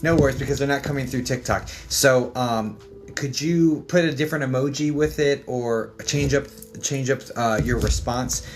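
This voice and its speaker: A man giving a psychic medium reading on a livestream, talking gently and reassuringly straight to his viewers. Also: medium pitch, normal speed. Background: background music.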